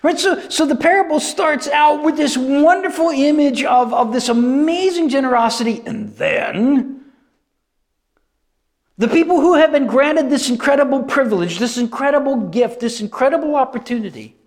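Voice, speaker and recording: A male preacher giving a sermon, animated and emphatic, repeating phrases for effect. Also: very high-pitched, normal speed.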